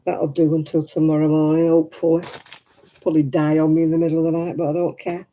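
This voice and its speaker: Woman, middle-aged, warm mellow tone, chatty candid craft stream host. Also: sits low, flat delivery, quick pace, rough recording. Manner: chatty and candid, with frequent laughs. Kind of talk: casual live chat while knitting.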